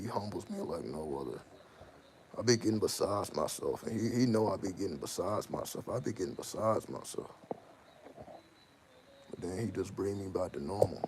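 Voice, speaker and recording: A man talking casually to his viewers in a rambling, self-interrupting way, full of slang, over steady background noise. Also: low voice, vocal fry. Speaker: channel host. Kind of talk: casual personal monologue to viewers.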